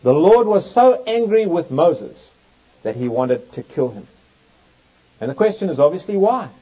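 A man preaches through a Bible passage, reading the old verses aloud with strong, rising emphasis. His voice sits fairly high and sounds mellow and warm. The recording is dull and lo-fi. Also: big pitch swings, unhurried. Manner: reads scripture aloud with emphatic, swooping delivery. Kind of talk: Bible teaching sermon. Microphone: overhead projector in use, lecture setting.

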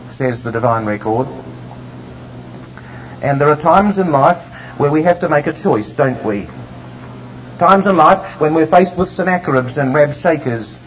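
A man preaching a sermon, emphatic and slowing down to stress the scripture he reads. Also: on the high side, a little hiss or hum. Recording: dull lo-fi recording.

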